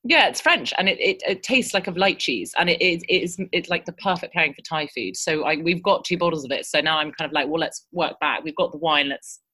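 A woman with a bright, clear voice sitting just a little low in pitch. She chats eagerly as a podcast guest, laughing often and tumbling over her own restarts. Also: expressive, fast talker, hardly any pauses. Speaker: guest, food blogger. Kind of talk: casual podcast chat.

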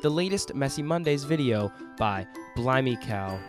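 A man hosting a podcast who has a sore throat, reading listener comments in a relaxed, rambling way. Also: medium pitch, normal speed, over music. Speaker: podcast host.

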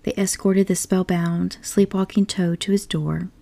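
A woman reading a classic storybook aloud in a soft, unhurried whisper, as a whispered role-play. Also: lowish voice, fairly even intonation, creaky. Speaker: storybook reader.

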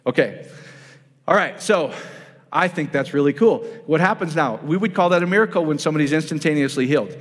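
A man delivers a relaxed, conversational sermon, peppering it with quick questions to the congregation. His voice sits a bit high for a man. The sound rings out with a long reverb from the church hall. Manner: casual, asks the audience questions, addresses them as guys. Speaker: pastor.

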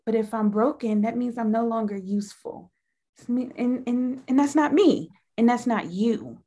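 A woman with a slightly high voice talks about faith in an emphatic, preacherly way. She builds her points through repetition, like a sermon inside a conversation. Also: normal speed, mellow, breathy edge.

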